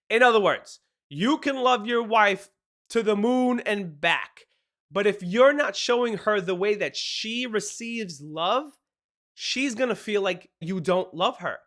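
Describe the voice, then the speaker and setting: A man hosting a casual advice show, his voice sitting high and sounding bright and forward. He talks quickly and excitedly and laughs often as he explains. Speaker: podcast host. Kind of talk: casual marriage advice talk.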